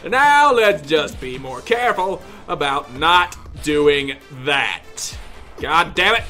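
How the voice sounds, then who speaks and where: A man with a high, very bright voice rants through gameplay commentary, swearing and yelling at the game, then drops to low muttering. He talks at an unhurried pace, with faint music behind him. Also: very animated. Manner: ranting, yelling and cursing at the game; mutters low under his breath between outbursts. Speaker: gaming video creator.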